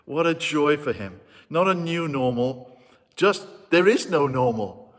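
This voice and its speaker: A man's voice: fairly high pitch, expressive, a little slow. A man preaching a sermon as a vicar, retelling a story in an earnest, reflective way. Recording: long hall reverb.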